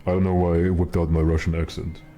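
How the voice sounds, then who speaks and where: A man's voice: low voice, level tone, quick pace, warm tone, soft background music. A man giving casual live commentary while streaming a game, chatty with wry, self-mocking asides.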